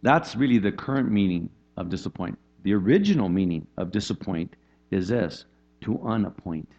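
A man preaching a conversational sermon as pastor, animated, often asking "right?" and jumping up in pitch for emphasis. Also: normal speed. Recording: dull lo-fi sound.

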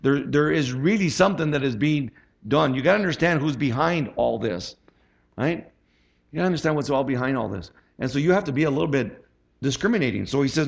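A man's voice: mid-range voice, lively intonation, a little fast, vocal fry. A middle-aged man preaching a conversational sermon as pastor, chatty and asking the congregation for amens. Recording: dull lo-fi sound.

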